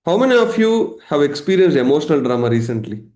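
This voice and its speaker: A man teaching a live online session as a meditation coach, lively, acting out everyday examples and laughing. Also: a little high, fast talker, reverberant. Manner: animated, acts out examples, laughs often.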